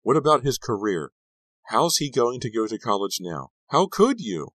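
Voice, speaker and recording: A man reading an audiobook, voicing a hysterical teenage girl cheerleader who screams in a high, frantic voice. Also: sing-song, normal speed, a bit bright, dry recording.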